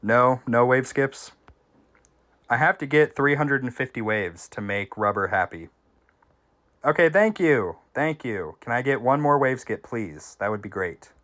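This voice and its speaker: Man, game streamer, mid-pitched, relaxed commentary with excited bursts. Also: unhurried. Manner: casual, reacts excitedly to the game, chats with viewers. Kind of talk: live gameplay commentary.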